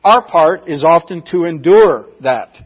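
Middle-aged american preacher guy, husky and kinda high, folksy sermon stories, muffled lo-fi sound. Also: animated, measured pace. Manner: folksy storytelling, addresses the congregation directly.

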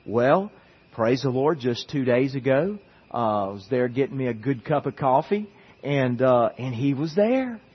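A male pastor delivers a relaxed, storytelling sermon, often restarting his sentences and turning to the congregation. His voice is somewhat husky. The recording is dull and lo-fi, with a long hall reverb behind him. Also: medium pitch, a little slow. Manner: conversational, many restarts and asides to the congregation.

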